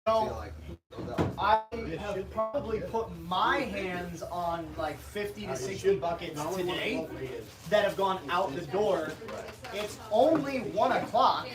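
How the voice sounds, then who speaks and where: A man's voice: high-pitched, slow pace, reverberant, music in the background. A man co-hosting a company livestream, chatting loosely with viewers and joking with his co-host. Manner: loose, joking, talks to chat, says dude. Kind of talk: casual livestream chat.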